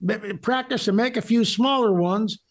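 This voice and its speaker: A man's voice: high-pitched, normal speed, pitched above the performer's own voice. Man putting on a drawling Southern pyramid builder. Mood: folksy.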